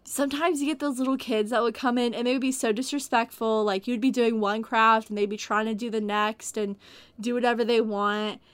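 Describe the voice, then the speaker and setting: A woman's voice: fairly high pitch, steady tone, brisk, no echo. Chatty woman rambling through work stories. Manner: rambling storyteller, heavy on like and dude. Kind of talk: casual podcast chat.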